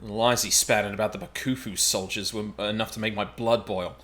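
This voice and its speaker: A man's voice: on the low side, fairly even intonation, fairly quick, a bit bright, natural voice. A man reading an earnest, grateful soldier.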